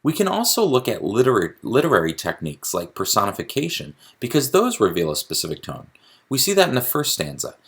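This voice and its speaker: A man's voice: mid-range voice, huge pitch swings, fairly quick, fairly bright tone, husky. A man teaching a recorded lesson on poetry, explaining step by step and often restarting his sentences. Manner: explanatory, with frequent restarts and fillers.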